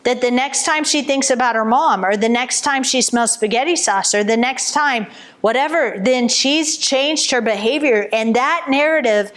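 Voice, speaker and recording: A woman's voice: fairly high pitch, moderate pace, a bit bright. A middle-aged woman teaching earnestly as a Christian counselor, retelling a client's session and speaking the client's answers in first person.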